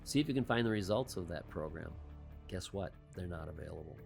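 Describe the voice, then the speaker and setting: Male host, lowish voice, commentary monologue full of rhetorical questions and dry quips. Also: lively intonation, a little fast, creaky, soft background music. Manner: rhetorical questions with wry asides.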